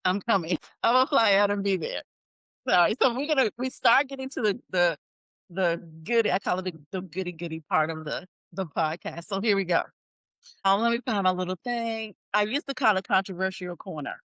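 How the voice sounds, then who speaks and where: A woman hosting a podcast, telling stories in a lively casual chat and acting out what people said. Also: medium pitch, brisk, no room sound. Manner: animated storytelling, acts out quotes. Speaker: podcast host.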